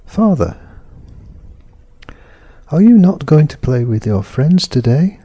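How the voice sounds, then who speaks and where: A man reading the lines of a caring father in a lesson dialogue, voiced a little higher and gently concerned. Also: big pitch swings, slow pace, husky, dull audio, exaggerated voice. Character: caring father asking his son.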